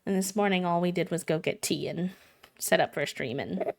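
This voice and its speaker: A young adult woman streamer in casual chat, retelling a story in an animated way, with lots of fillers. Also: on the low side, a little fast, vocal fry, slight background noise.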